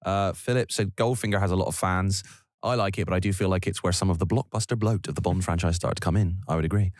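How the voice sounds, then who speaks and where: A man co-hosts a podcast and wraps up the episode, chatting casually and laughing easily. His voice is low, steady and somewhat dark, and he talks quickly. The recording is dry, with clean studio sound.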